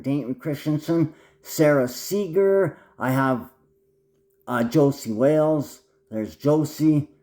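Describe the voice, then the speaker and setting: A man in a rambling monologue to camera who swears often and swings from a low mutter to loud, high outbursts.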